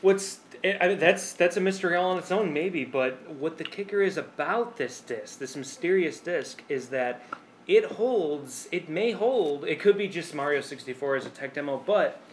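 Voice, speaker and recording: A man's voice: fairly high pitch, expressive, normal speed, slight background noise. A man co-hosting a casual video game podcast, rambling with fillers and laughing often. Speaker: podcast co-host. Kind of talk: casual chat.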